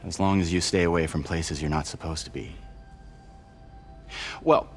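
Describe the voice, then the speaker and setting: An actor playing a calm, soft-spoken male community leader who speaks slowly and reassuringly. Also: deep voice, soft background music. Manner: slow, measured, reassuring.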